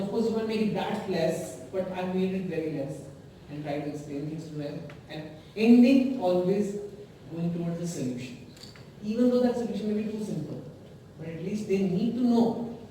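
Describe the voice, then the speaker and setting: A man gives a conference talk as an author, animated and emphatic, with conversational asides. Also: on the high side, a little hiss or hum. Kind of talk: conference speech. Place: conference hall. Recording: echoey hall, voice from far off.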